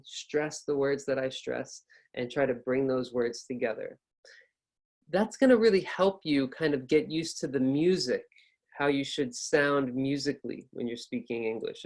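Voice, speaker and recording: Man demonstrating intonation with exaggerated rises. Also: medium pitch. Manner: repeats points patiently and encouragingly. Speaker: English pronunciation teacher. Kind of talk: online pronunciation lesson.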